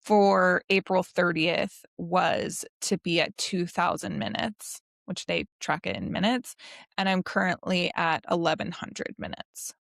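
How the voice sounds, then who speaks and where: A woman's voice: fairly low pitch, steady tone, measured pace, creaky, fairly bright tone, dry recording, clean studio sound. A woman co-hosting a podcast in casual chat, chatty and giggly, with hesitant fillers. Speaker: podcast co-host.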